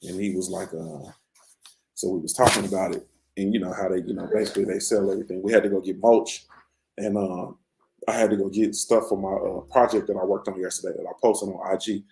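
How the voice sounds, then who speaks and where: A man's voice: low-pitched, fairly even intonation, brisk, creaky, a little mellow, roomy sound, a little hiss or hum, low-quality recording. A man hosting a boxing morning show from a room at home, chatting casually in a loose, rambling, slang-heavy way into his computer's mic. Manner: laid-back, rambling, slangy.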